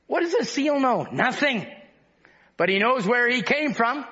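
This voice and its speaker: A man preaching a sermon with fervor, breaking into shouts and then dropping low to talk with the congregation. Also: lively intonation, a little slow, lo-fi sound.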